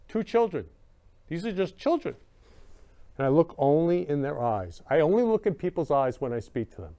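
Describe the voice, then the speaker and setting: Gushing male talk-show host. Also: on the high side. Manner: effusive and repetitive, gushing about love. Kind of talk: casual talk-show monologue.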